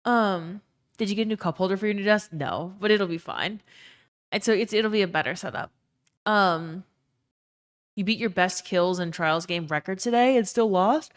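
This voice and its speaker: On stream, a woman talks with her viewers at a moderate pace, her voice on the low side and a bit bright. She responds to chat and shares a tender story, filling it with plenty of "um" and "like" plus some cursing.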